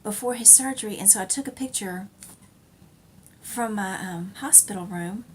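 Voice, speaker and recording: A middle-aged woman tells a personal story in a loose, rambling way, full of fillers, restarts and small laughs. Her voice sits at an ordinary pitch for a woman. A faint background hiss runs under the home recording. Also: moderate pace. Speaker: knitting podcast host.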